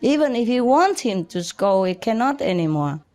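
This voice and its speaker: An older woman giving an informal spiritual talk in simple, halting English, chatty and often laughing. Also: a little high, big pitch swings, a little mellow. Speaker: spiritual teacher.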